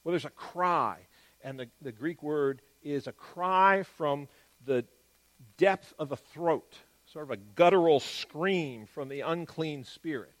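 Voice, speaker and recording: A man giving an explanatory Bible teaching, stressing key words and moving between quick and drawn-out phrasing. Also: a little high.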